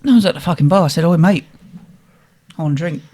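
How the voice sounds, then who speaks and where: A young man, animated and swearing as he tells a funny story in casual chat. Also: fairly high pitch, fast. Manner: animated, swearing, laughing at his own story. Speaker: guest telling a story.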